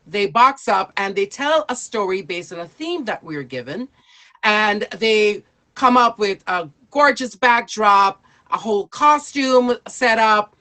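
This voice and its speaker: A woman's voice: mid-range voice, sharp tone. A woman hosting a live storytelling stream, upbeat and encouraging toward her guests.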